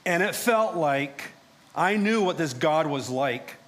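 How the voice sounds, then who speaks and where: Male pastor, first-person dramatic sermon storyteller, mid-high voice. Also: animated, takes it slowly, fairly bright tone. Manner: storytelling in character as a biblical prophet, acting out quoted voices. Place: church sanctuary.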